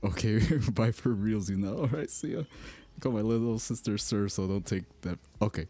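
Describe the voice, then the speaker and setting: A man's voice: lowish voice, normal speed, warm tone. A man streaming in casual chat, telling rambling stories and laughing often. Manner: rambling, self-correcting storyteller.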